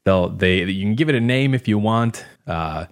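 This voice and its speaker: Very low-voiced rambling man. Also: expressive, moderate pace. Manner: rambling, self-deprecating, many fillers. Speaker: podcast host. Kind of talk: casual chat.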